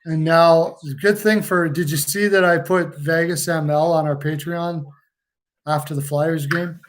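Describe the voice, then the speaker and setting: A man's voice: a little high, steady tone, measured pace. A young man hosting a casual live hockey chat, rambling and reading out viewer comments. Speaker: podcast host.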